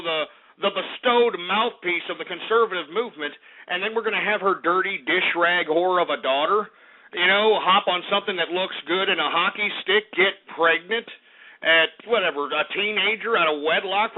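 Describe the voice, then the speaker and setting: A man hosting a live internet radio show, ranting angrily and swearing between reading out listener names, with a tinny, phone-like sound. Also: high voice. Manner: angry, profane ranting with sudden outbursts.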